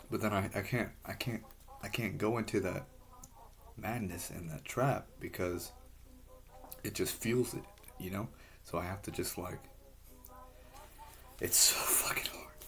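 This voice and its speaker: Deep gravelly dude rambling to the camera, starts and stops a lot, swears constantly. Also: male voice. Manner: halting, frustrated, heavy swearing. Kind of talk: rambling personal monologue.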